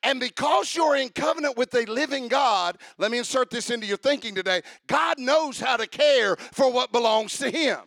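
High, gravelly preacher man shouting. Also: lively intonation, moderate pace, few pauses, no room sound, studio quality. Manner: fervent, rhythmic preaching with shouted call-outs and sung refrains. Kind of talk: sermon.

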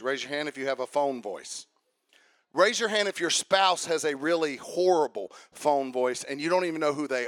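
A man's voice: fairly high pitch, dry recording. Conversational pastor man with a dry sound. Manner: conversational preaching, asks the congregation questions; grows louder and more emphatic as he preaches. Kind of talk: sermon.

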